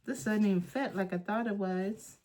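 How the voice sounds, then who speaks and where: This craft and journaling creator speaks in a mid-range, darkish voice as she casually works through a craft tutorial, thinking aloud and muttering to herself. Her delivery is slow and unhurried, full of pauses.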